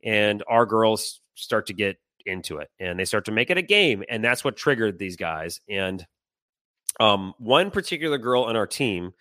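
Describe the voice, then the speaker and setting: A middle-aged man telling a heated personal story on a podcast, animated and swearing, acting out the people he quotes. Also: lowish voice, moderate pace, no echo, clean studio sound. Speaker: podcast co-host. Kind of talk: casual storytelling chat.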